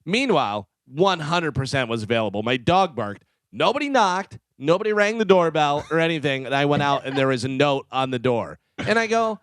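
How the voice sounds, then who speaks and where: A man co-hosting a radio show, telling an animated story and acting out the people in it. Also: fairly high pitch, fairly quick, hardly any pauses, no room sound. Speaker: radio show co-host and news reader. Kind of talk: casual radio banter and storytelling. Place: radio studio. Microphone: studio microphone.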